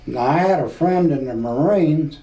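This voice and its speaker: In an oral history interview, a Nebraska veteran in his seventies tells stories in a slow, folksy way with a slightly high, expressive and mellow voice. The sound is roomy and distant, with faint hiss in the background.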